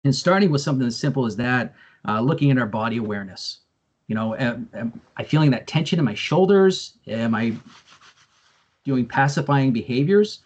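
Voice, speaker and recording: A man's voice: medium pitch, expressive, moderate pace. A man presenting an online training session in an earnest, explanatory way, with frequent fillers and repeated words. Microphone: video call microphone.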